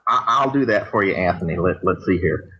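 A man from Texas, reading news stories on a podcast in a hesitant way, with frequent pauses. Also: low-pitched, lively intonation, crowd noise. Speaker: news segment reader. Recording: dull, lo-fi sound.

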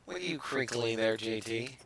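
A man's voice: mid-range voice, normal speed, heavy background noise. A man hosting a casual comedy podcast, reading news stories and teasing his co-host, with lots of restarts. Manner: teasing, animated, many restarts.

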